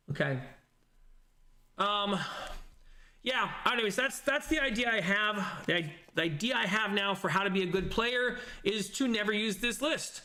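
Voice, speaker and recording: A man with a notably high voice hosts a relaxed stream, reading out viewer comments. He rambles, circles back, and restarts sentences often. His tone is bright and forward. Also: normal speed. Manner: rambling, with frequent restarts and self-corrections. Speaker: host reading live chat comments. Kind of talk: casual livestream chat.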